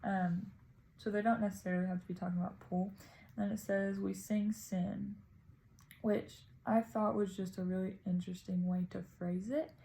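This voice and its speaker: A woman's voice: medium pitch, fairly even intonation, fairly quick, hardly any pauses, mellow, a little hiss or hum, low-quality recording. A woman casually talking through her reading of a poem, tentative and thinking aloud as a student presenting. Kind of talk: casual spoken poem analysis.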